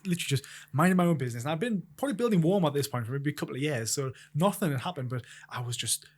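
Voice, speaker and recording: A man chats on a podcast at a quick clip, his voice sitting a little high. He tells stories with lots of energy and acts out his own panicked reactions. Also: expressive. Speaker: podcast co-host. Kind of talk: casual chat.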